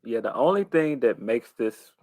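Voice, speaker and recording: A man cohosting a casual wrestling podcast, talking in a measured, hesitant way. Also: medium pitch, expressive, a little mellow, no echo. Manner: measured, hesitant, with many restarts and fillers.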